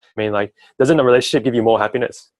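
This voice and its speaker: A man's voice: medium pitch, very fast, darkish tone, no room sound, poor audio. A man working as a relationship coach, talking at length in an advice-giving conversation and often tagging his sentences with "right?". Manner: talkative, tags sentences with "right?".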